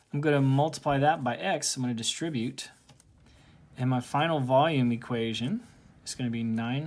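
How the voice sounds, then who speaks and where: A man teaching a recorded calculus lesson from home, casually talking through each step aloud. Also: medium pitch. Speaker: math teacher.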